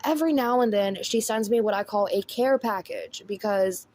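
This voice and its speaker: A woman's voice: medium pitch, moderate pace, darkish tone. A woman with a Southern US accent giving blunt, chatty commentary, often addressing viewers as y'all. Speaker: commentary host. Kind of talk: casual commentary.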